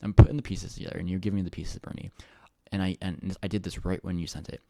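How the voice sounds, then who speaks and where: A man with a very low, gravelly voice rambles to his audience in a personal monologue. He jumps between thoughts, restarts sentences and swears freely. The sound is dark and dry, close to the mic. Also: little pitch movement, fast, no room sound. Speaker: vlogger.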